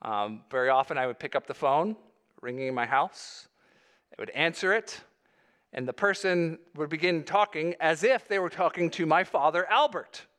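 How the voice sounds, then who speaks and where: A man's voice: on the high side, expressive, moderate pace, fairly bright tone. A male pastor delivering a sermon, earnest, with rising emphasis on key phrases.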